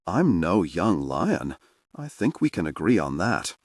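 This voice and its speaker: A man's voice: low-pitched, very animated, measured pace, dry recording, clean studio sound, heavily acted. A man voicing an eager, self-deprecating young crown prince in an audiobook. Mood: self-mocking.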